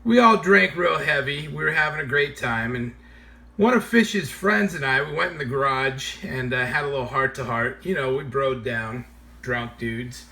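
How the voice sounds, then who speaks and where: A man telling a funny true story in a casual, animated way, often laughing as he tells it. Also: mid-range voice, normal speed, gravelly.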